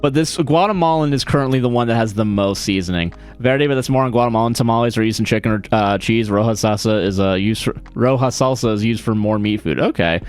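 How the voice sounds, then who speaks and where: A man's voice: lowish voice, quick pace, hardly any pauses, smooth, faint music behind. Rambling, apologetic man streaming casually. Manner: rambling, self-correcting, apologetic, laughs often. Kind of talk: casual live-stream chat.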